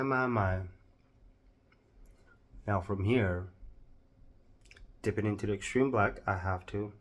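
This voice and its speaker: A man with a Southern US accent narrating a makeup tutorial, gushing with drawn-out exclamations. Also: lowish voice. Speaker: makeup vlogger.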